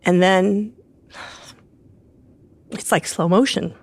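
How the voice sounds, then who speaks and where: A woman's voice: mid-range voice, fairly even intonation, takes it slowly, vocal fry, no room sound. A woman telling a personal story in an interview, vividly acting out the lines she quotes.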